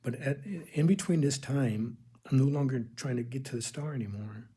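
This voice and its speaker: A man recounting a spiritual vision as a testimony, speaking earnestly with halting restarts and calling his listeners "people". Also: mid-range voice, mellow, breathy edge. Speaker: religious video host.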